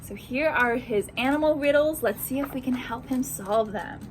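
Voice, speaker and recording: A woman who is a children's librarian, reading a picture book aloud at storytime and quizzing young listeners in an animated, sing-song way. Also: high voice, normal speed, faint music behind.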